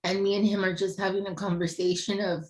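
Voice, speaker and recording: A woman in her thirties giving an emotional personal testimony, halting with pauses and fillers and often clearing her throat. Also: mid-range voice, level tone, a little mellow, poor audio. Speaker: family member speaking on a webinar panel.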